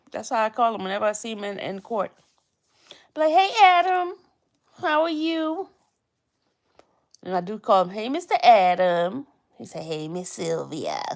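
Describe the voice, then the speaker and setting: A woman hosting a casual live stream, chatting in a rambling way and often repeating phrases. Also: mid-range voice.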